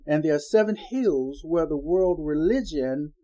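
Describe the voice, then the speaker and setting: A man's voice: a little high, animated, measured pace, mellow, rough recording. A man preaching an informal Bible-study sermon in a folksy, conversational way, acting out the people he quotes.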